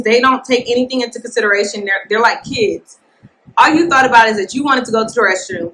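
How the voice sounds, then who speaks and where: Woman podcast host, casual storytelling, blunt and animated, bright forceful voice. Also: a little high, a little hiss or hum, poor audio. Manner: animated, blunt, talks to listeners as y'all. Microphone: podcast mic, filmed for video.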